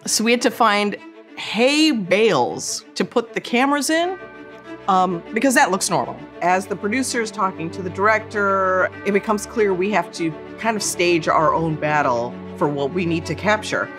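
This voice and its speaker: Animated woman telling a funny story. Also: medium pitch, moderate pace, music in the background. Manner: lively, acts out quotes in voices. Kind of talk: comic personal anecdote.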